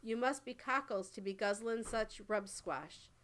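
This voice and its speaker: A woman voicing a brutish, greedy male giant who booms and bullies in broken grammar, in a storybook reading. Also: a little slow, fairly bright tone, a little hiss or hum. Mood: gruff. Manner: booming, bullying, mangled grammar.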